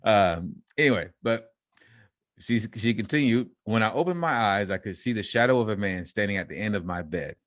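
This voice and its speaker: A man with a low voice co-hosts a laid-back podcast. He reads out news stories and breaks off to joke about them. His voice sounds close and dry, with no room around it. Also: animated, moderate pace, a bit bright, no echo. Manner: reads headlines, then riffs and laughs between lines. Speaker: podcast co-host. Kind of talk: casual podcast chat, reading news stories aloud.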